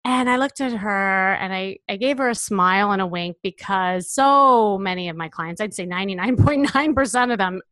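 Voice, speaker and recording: A middle-aged woman, a personal stylist, telling a story about a client in a lively way, acting out the dialogue. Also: mid-range voice, normal speed, hardly any pauses, dry recording. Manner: lively, acts out dialogue in quotes.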